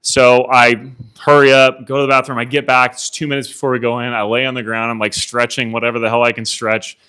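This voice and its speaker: A man coaching a room of agents live, telling an animated story of his own race, acting out his inner thoughts and swearing casually. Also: medium pitch, a little fast, clean tone. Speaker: CEO coaching real estate agents. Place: meeting room with a live audience.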